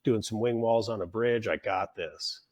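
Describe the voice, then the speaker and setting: A man guesting on a podcast, telling work stories in a casual, animated way, acting out the people he quotes and swearing freely. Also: on the low side, normal speed. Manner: animated storyteller who acts out quoted bosses, swears freely. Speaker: podcast guest, union leader. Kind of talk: casual interview storytelling.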